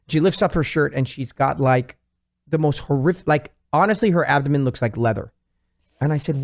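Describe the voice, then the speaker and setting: A fast-talking man with a slightly high voice tells stories about his patients on a talk show. He is animated and acts out their lines as he goes, like a surgeon on a studio mic. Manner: animated storyteller, quotes patients in lively voices. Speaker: plastic surgeon, show regular. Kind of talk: casual talk-show conversation.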